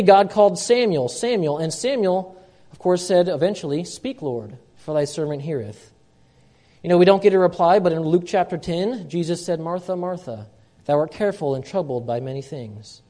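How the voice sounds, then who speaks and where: A male pastor delivers a sermon in a fairly high, mellow voice. He hammers each point home by saying it twice, rising in volume and then dropping low. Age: young adult or middle-aged, a parent. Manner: emphatic preaching, repeats key lines, swings loud and soft.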